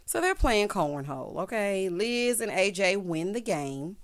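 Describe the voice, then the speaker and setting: A woman's voice: medium pitch, big pitch swings, a little slow. A woman giving a sassy, chatty recap of a reality show, peppering her talk with "child" and "honey" asides and acting out what the cast said. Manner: acts out cast members' lines in shifting voices. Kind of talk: casual recap commentary.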